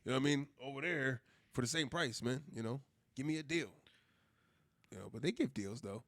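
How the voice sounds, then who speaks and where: Brief: male podcast cohost, casual profane storytelling, middle pitch, dry close sound. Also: brisk, a bit bright, no room sound. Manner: loose, profane storytelling with laughs and restarts.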